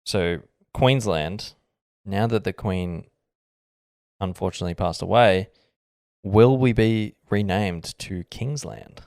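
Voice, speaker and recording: Gravelly Australian man, joking around. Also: on the low side, slow pace, darkish tone, dry recording, clean studio sound. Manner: jokey, playful, trailing off. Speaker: podcast co-host. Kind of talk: casual chat.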